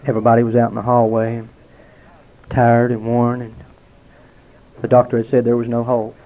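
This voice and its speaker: A man giving a heartfelt spoken testimony to a gathering at a restaurant, telling stories with dramatic pauses. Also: mid-range voice, completely flat delivery. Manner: earnest, storytelling with dramatic pauses. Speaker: lay speaker giving testimony. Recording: tinny, narrow-band lo-fi recording.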